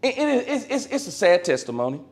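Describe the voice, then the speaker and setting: A man, a minister, preaching a sermon to his congregation and calling out for amens, swinging from loud exclamations down to quiet asides. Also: high-pitched, sing-song, quick pace. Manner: calls for amen from the congregation.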